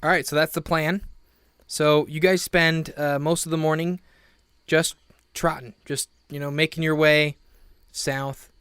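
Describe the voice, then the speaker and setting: A man narrating a tabletop game as game master, in a loose, giggly way with many pauses and restarts. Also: a little high, little pitch movement, a bit bright, clear, resonant tone, no echo, clean studio sound.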